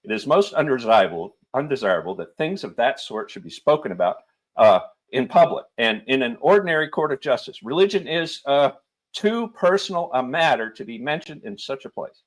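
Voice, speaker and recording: A man's voice: mid-range voice, big pitch swings, fairly quick, pitched above the performer's own voice. A man voicing a pompous middle-aged male police magistrate who blusters, turns irritable and talks down to the accused. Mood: flustered.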